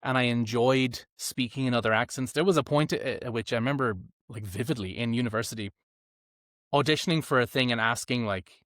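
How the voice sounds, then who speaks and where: A man's voice: medium pitch, fairly quick, no echo, studio quality. A man who works as an audiobook narrator, chatting casually and telling stories about himself in a self-deprecating way. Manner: self-deprecating, animated storyteller. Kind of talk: casual long-form conversation.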